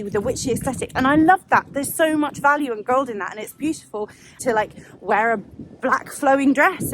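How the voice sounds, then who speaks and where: A fairly high-voiced woman vlogs outdoors in a woodland spot, talking straight to the camera. She rambles in a casual, earnest way and lets the odd swear word slip. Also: poor audio. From England. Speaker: witchcraft vlogger. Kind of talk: casual vlog talk to camera.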